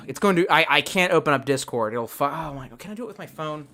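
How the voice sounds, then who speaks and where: A man's voice: on the high side, animated, brisk, bright, forceful tone. A man hosting a casual livestream, reading viewer comments and rambling with lots of swearing and restarts. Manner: rambling, profane, self-interrupting. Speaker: livestream host.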